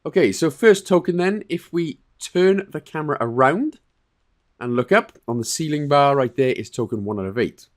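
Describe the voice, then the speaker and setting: A man's voice: fairly high pitch, normal speed. Chatty man narrating a game walkthrough. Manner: relaxed, chatty, with frequent fillers and self-corrections. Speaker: game guide creator. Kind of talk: casual gameplay walkthrough.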